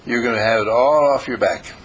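A man's voice: mid-range voice, fairly quick, slightly rough, low-quality recording. Folksy older man giving a talk. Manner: folksy, homespun, uses playful quoted voices. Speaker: group teacher. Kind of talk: informal motivational talk.

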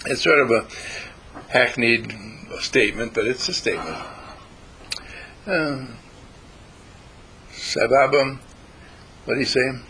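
A man giving a spiritual talk to a group, halting and repeating words as he teaches. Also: medium pitch, expressive, pushed and bright, a little hiss or hum, low-quality recording. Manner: halting, repeats words, acts out quoted voices.

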